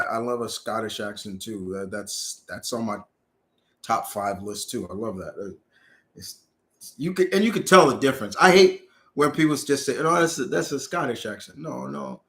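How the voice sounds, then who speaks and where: A man's voice: mid-range voice, fairly bright tone. A man hosting a casual live Q&A, rambling through viewer questions and correcting himself mid-sentence. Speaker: host answering viewer questions.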